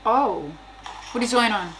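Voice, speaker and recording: A woman's voice: fairly high pitch, lively intonation, measured pace, a bit bright, a little hiss or hum. A young woman casually reacting aloud to a TV episode, exclaiming, swearing and laughing between remarks. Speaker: reaction video host.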